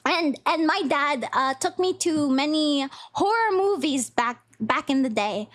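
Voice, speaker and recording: A woman's voice: high-pitched, animated, measured pace. A young woman streamer chatting casually on a live stream, bubbly and rambling, laughing easily. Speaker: VTuber streamer.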